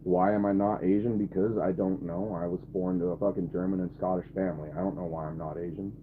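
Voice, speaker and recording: Streaming live from a camper, a man in his twenties talks to his chat in a blunt, irritated way, swearing often. His low voice is fast and fairly even in intonation, coming through tinny, phone-like audio with slight background noise and faint ambience.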